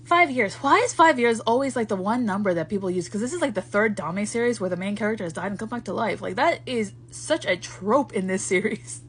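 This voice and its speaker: A woman's voice: mid-range voice, a little fast, few pauses, slightly rough. A woman giving a casual book talk, ranting with lots of swearing as she reviews a novel. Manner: profane, animated ranting.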